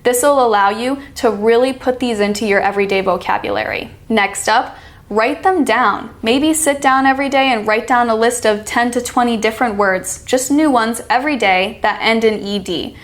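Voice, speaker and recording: An American woman coaching pronunciation, saying each word slowly and clearly so it can be repeated. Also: fairly high pitch. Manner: slow, demonstrating each sound. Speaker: accent coach. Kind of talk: pronunciation lesson.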